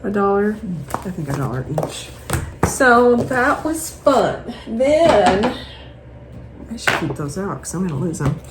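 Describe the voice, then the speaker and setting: A woman chatting casually at home as host, showing off her purchases in a rambling, animated way. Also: medium pitch, slow, noisy background.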